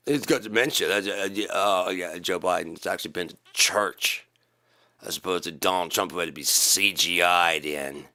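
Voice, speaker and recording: A man hosting his own channel, delivering a profane rant to camera that swings between loud shouting and low muttering. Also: moderate pace. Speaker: channel host.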